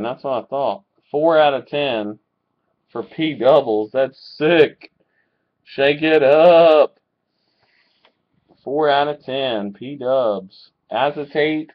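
Guy doing a live card break on his webcam, slow talker, gets hyped at good hits, muffled audio. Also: mid-range voice. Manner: excitable, reacts to pulls. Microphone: webcam mic.

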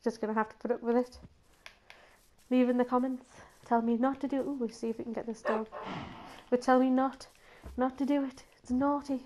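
A woman chatting casually through a gameplay session as the host of her gaming channel. Her voice is still rough after a cold, and she giggles and coaxes the animals in the game in a sing-song voice. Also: fairly high pitch, fairly even intonation, a little fast, darkish tone, slight background noise.

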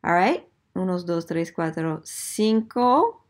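A woman teaching a Spanish lesson, modeling example sentences slowly and counting aloud while students think. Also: fairly low pitch. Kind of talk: language lesson.

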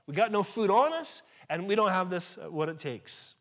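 A man's voice: high-pitched, sing-song, moderate pace, fairly bright tone. A man preaching a sermon as pastor, earnest and emphatic, asking his listeners rhetorical questions.

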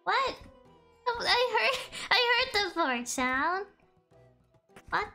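A woman's voice: very high-pitched, sing-song, very slow, vocal fry, sharp tone, faint music behind. A woman streaming a game, chatty, chaotic and playful, swearing and greeting chat. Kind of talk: live game stream commentary.

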